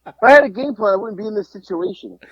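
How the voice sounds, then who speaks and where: Stuffy podcast dude rambling through a story, kinda high voice, muffled dry audio. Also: male voice, fast. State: stuffy from allergies. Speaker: podcast co-host. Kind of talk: casual chat. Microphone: podcast mic.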